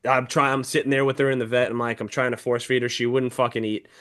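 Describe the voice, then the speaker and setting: A man's voice: medium pitch, level tone, quick pace, a bit bright. A young man, a podcast co-host, telling an emotional story in casual chat, swearing heavily as he talks.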